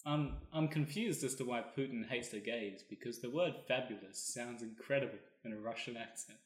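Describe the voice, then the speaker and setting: A man co-hosting a comedy podcast, joking around with quick comebacks. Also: mid-range voice. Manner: banters, fast comebacks. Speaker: podcast co-host. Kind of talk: joking casual chat. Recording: roomy echo.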